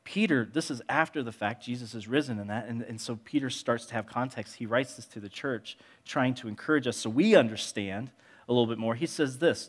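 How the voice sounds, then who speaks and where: Animated, conversational male pastor. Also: medium pitch, brisk. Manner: conversational, animated with hesitant restarts. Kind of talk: sermon.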